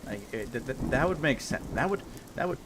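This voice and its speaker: A man's voice: medium pitch, lively intonation, brisk, very noisy. A young man streaming a block game, ranting in exasperation and repeating himself as he plays. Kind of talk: casual game commentary.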